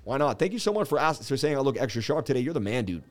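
A man's voice: mid-range voice, sing-song, racing, faint music behind. Jokey man hosting a market livestream. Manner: joking, chatty, reads viewer comments aloud. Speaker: crypto livestream host. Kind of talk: casual livestream market commentary.

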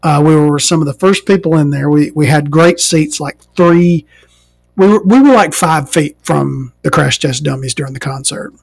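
A woman's voice: sits low, moderate pace, vocal fry, darkish tone, husky, no room sound, soft background music. An American trans woman hosting a podcast, ranting casually and sarcastically with a lot of swearing. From United States, inland. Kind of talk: casual comedic rant monologue.

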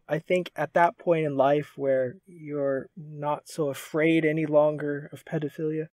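Earnest man with a higher, dry voice. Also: darkish tone, dry recording. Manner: earnest, testimony-like, quotes scripture. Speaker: podcast co-host. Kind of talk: reflective faith discussion.

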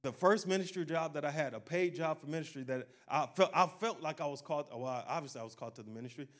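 Fairly high in pitch and fast, this man is a pastor preaching a sermon. His style is folksy and conversational, exhorting listeners with call-and-response, calling out "amen," and dramatizing quotes.

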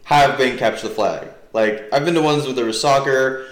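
A young man from New Jersey, guesting on a podcast, chats casually in a mid-range voice at normal speed. He's animated and rambling, leaning heavily on "like" and other fillers. The recording has a roomy echo.

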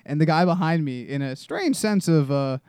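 A man's voice: on the high side, lively intonation, moderate pace, a little mellow, clear, resonant tone, no echo, clean studio sound. A man in his twenties hosting a solo comedy podcast, rambling and self-deprecating, swearing often and restarting his sentences. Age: 20s. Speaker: podcast host.

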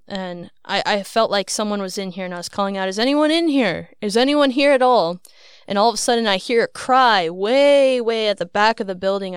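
Smooth-voiced woman recounting a dream. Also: mid-range voice, no echo, clean studio sound. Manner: rambling, earnest, laughs at herself. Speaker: guest sharing a dream. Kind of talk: casual storytelling.

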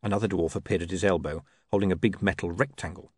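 A man's voice: sits low, fairly even intonation, quick pace, slightly rough, dry recording. A man reading a comic novel aloud as narrator, with wry, dry storytelling. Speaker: audiobook narrator. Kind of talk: scripted narration.

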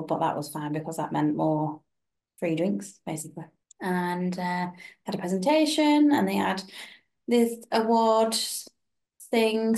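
Lively young woman telling stories. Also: lowish voice. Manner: animated storytelling, acting out quoted voices. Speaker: podcast co-host. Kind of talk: casual chat.

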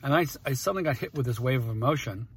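Male host, 40s, husky; casual, emotional, rambling anecdotes. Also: medium pitch, lively intonation, racing. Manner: rambling, emotional, self-interrupting. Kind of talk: casual personal storytelling.

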